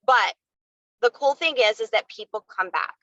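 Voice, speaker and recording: A bright, forceful woman speaks in a candid, fired-up motivational talk to her sales team. Her voice sits a little high and the dry sound is dull and lo-fi. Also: expressive, normal speed, no room sound. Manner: candid, fired-up, uses y'all. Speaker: network marketing team leader.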